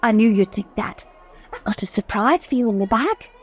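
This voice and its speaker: A woman playing a fretful, scheming middle-aged wife in a radio sitcom, excitable and fussy. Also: fairly high pitch, moderate pace, breathy edge. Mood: fussing.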